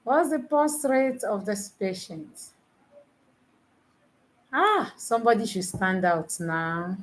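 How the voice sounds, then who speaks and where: A woman tutoring nurses in a live online lesson, teasing her students and quizzing them with repeated questions, counting aloud slowly. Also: mid-range voice, lively intonation. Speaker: nursing exam tutor.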